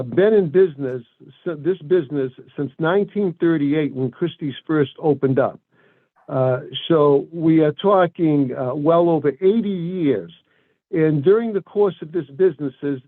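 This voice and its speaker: A man from Brockton speaks as an attorney before a board, choosing formal words and pausing often on filler sounds. His voice sits fairly high for a man. The sound is dry and squeezed into a narrow, phone-like band. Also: no room sound. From Brockton, Massachusetts. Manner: deliberate, formal phrasing with frequent hesitations. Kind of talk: formal public address at a board meeting.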